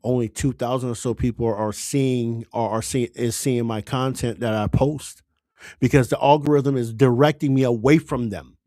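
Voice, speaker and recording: Political commentator, male, mid-pitched, dry close sound, fervent and exhorting in delivery. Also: steady tone, normal speed, mellow, no room sound. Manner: fervent, exhorting, rising to urgent appeals. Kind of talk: impassioned political monologue.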